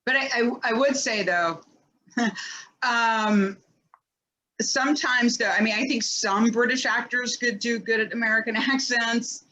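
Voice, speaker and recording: A woman's voice: on the high side, a little slow, pushed and bright. A woman co-hosting a casual chat and reading listener questions, talking chattily with many "like" fillers.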